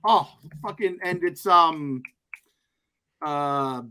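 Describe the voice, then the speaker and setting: Brief: a joking podcast co-host with a crisp voice, a bit higher than most men. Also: male voice, extremely slow. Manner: animated, profane, joking. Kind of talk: casual chat.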